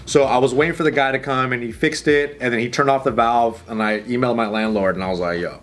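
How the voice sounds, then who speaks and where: A man's voice: mid-range voice, steady tone, quick pace, fairly bright tone. Fired-up man ranting with profanity. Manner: heated, profane storytelling. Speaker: podcast co-host. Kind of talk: casual group banter.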